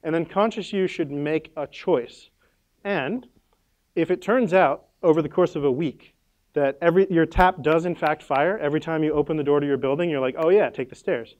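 A man's voice: fairly high pitch, normal speed, darkish tone, highs cut off. A man presenting at a conference workshop, casual and playful, with lots of "like" and "right?" and the odd sound effect.

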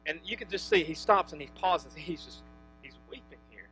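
High bright-voiced preaching man. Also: brisk, soft background music, poor audio. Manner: impassioned, swings from hushed to emphatic; restarts phrases with frequent fillers. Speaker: pastor. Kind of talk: sermon.

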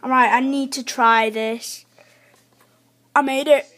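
Woman gamer, high voice, unhurried chatty self-commentary with excited yelps. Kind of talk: live gameplay commentary.

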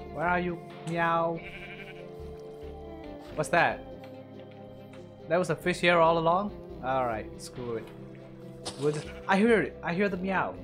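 An excitable young man chatting his way through a game. His pitch leaps all over the place, from low mutters to sudden shrieks, with faint music playing underneath. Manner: excitable, bursts into loud yelps and cheers between mumbled asides. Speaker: gaming commentator. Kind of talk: casual let's-play commentary.

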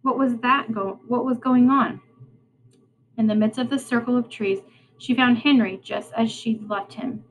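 A woman reading a children's novel aloud in a steady, plain storytelling way. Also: a little high, a little slow, a little hiss or hum, rough recording. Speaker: reader.

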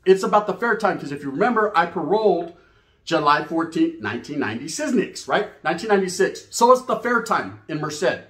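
Fast-talking Chicano streetwise storyteller man. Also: on the high side, very animated, a bit bright, roomy sound. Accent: Chicano English. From California. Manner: streetwise slang, acts out other voices, addresses listeners directly. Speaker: storyteller host. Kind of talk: profane comedic storytelling.

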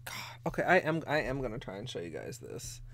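Talking fast in a very deep, gravelly voice with huge pitch swings, a woman hosts a casual nail polish livestream in her bedroom. She rambles chattily, full of fillers, while answering viewer chat, occasionally moving away from her desk mic.

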